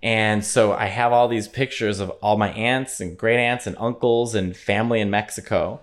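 A man, a comedian guest, chatting casually in an interview and telling animated stories. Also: moderate pace. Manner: animated storyteller, high-pitched laughing put-on voices in quotes.

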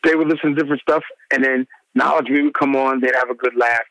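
A middle-aged man, a former radio DJ, telling animated stories in an interview and acting out the people he quotes. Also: fast, dry recording, low-quality recording. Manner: acts out quoted people with big pitch swings.

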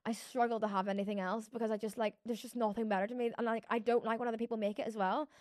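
A woman's voice: on the high side, flat delivery, racing, a little mellow, dry recording, clean studio sound. A young woman hosting a casual solo podcast, rambling and chatty with lots of restarts and casual swearing. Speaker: podcast host.

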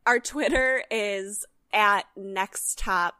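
A woman's voice: mid-range voice, very slow, bright, forceful tone, clean tone, no room sound. An American woman co-hosting a podcast in casual chat, brash and jokey, swearing freely. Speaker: podcast co-host.

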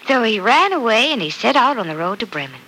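A woman's voice: on the high side, very animated, fast, sharp tone, a little hiss or hum, full character voice, poor audio. A young woman playing a kind bride-to-be who patiently reads a fairy tale to a little girl, in 1940s radio-play acting. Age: young adult. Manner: patient, reading a story aloud.

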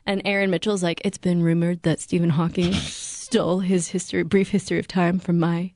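A woman's voice: lowish voice, flat delivery, brisk, a little mellow, dry recording, clean studio sound. A woman co-hosting a podcast, retelling a film's plot in casual chat with wry jokes. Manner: wry, joking asides. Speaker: podcast co-host. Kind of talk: casual chat recapping a film.

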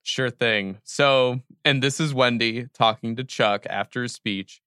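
A man's voice: mid-range voice, unhurried, pushed and bright, smooth, no echo, clean studio sound. A man co-hosting a podcast, chatting casually and agreeably about a TV episode. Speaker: podcast co-host. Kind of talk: casual TV recap podcast chat.

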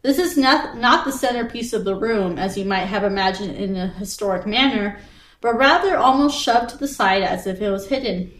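A woman co-hosting a podcast, reading a choose-your-own-adventure story aloud in an animated way, laughing often and breaking off to chat. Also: medium pitch, normal speed. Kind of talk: casual read-aloud storytelling. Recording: roomy echo, distant from the mic.

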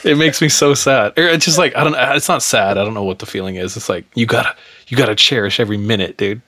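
A young man chatting casually with friends, animated and slangy, laughing often. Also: medium pitch, quick pace. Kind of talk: casual chat.

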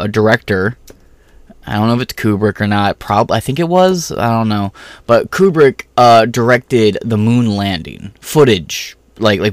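A man's voice: medium pitch, no echo. A man giving ranting, sarcastic political commentary, swearing heavily.

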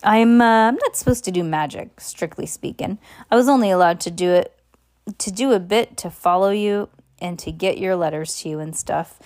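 A woman reading a storybook aloud, voicing a big bearded male gamekeeper in a rough, plain way with casual dropped words. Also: on the low side, moderate pace, darkish tone, close to an everyday voice. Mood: rueful. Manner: rough dropped-word speech, stumbling over lines while reading.

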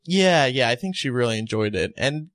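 A man's voice: medium pitch, animated, moderate pace, fairly bright tone, dry recording, studio quality. Man casually relaying film news. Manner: chatty, relaying news with asides. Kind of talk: casual chat.

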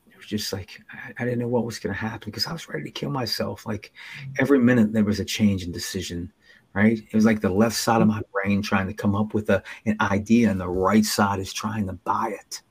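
Husky low-voiced man, halting and earnest. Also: fairly even intonation. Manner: halting, earnest, many restarts, drops to near whispers. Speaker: podcast guest sharing his recovery story. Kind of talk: personal storytelling in an interview.

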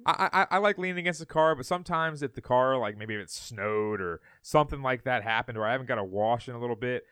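A man co-hosts a podcast in easygoing chat, spinning a rambling anecdote full of stammers and restarts and breaking into laughter along the way. His voice sits at a middle pitch. The recording is dry and close, with no room sound. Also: quick pace, a bit bright, smooth, dry recording. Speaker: podcast co-host. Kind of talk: casual chat.

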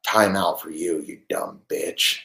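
A man's voice: low voice, slow, creaky, bright, forceful tone. A young man live-streaming, ranting profanely about sports and snapping at his chat in a combative, rambling way. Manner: foul-mouthed, combative, rambling. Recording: roomy echo.

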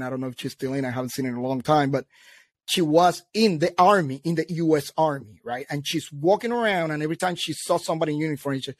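A man, a military veteran, chatting casually and telling lively stories, acting out the people he quotes. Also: on the high side, no echo. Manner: animated storyteller, quotes people in voices. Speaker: veteran guest. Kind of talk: casual chat.

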